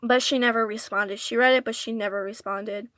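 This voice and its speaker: A young woman recounts a hard personal story in a storytime vlog, earnest and confessional. Her voice is bright and a little high, recorded close in a dead, dry space. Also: fairly even intonation, fairly quick, dry recording. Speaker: vlogger.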